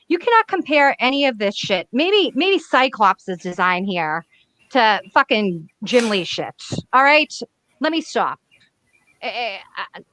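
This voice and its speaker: A woman hosting casual comic commentary on a webcam, blunt, profane and excitable. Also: fairly high pitch, dry recording. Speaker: comic reviewer host.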